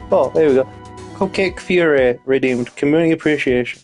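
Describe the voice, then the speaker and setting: A young man chats loosely while playing a game, full of "like" and "you know" and liberal swearing. His voice sits at an everyday male pitch, and his commentary is rambling and offhand. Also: brisk, faint music behind. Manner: rambling, swears freely, many fillers. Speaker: streamer. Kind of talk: casual gaming commentary.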